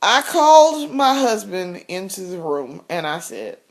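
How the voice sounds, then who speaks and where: A woman's voice: on the low side, big pitch swings, measured pace. Blunt, profane woman vlogger. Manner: profane, blunt, laughs often. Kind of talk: casual storytelling rant.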